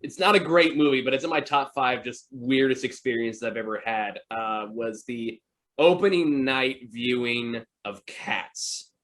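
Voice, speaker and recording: A man's voice: mid-range voice, measured pace, a bit bright. Male podcast host, casual rambling storyteller, filler-heavy. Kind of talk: casual chat.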